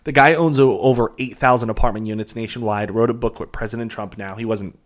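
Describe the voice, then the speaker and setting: A man guest on a podcast, telling a story in a casual, animated way with many restarts. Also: mid-range voice, fast. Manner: animated, lots of fillers and restarts. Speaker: podcast guest, real estate investor.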